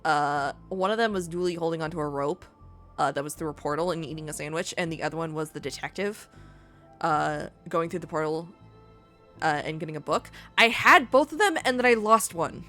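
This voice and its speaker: Her voice sits low but sounds pushed and bright, and she talks fairly quickly as soft music plays. Streaming a game, this young woman keeps up giggly, rambling gameplay chat, restarting often, leaning on fillers and laughing between remarks.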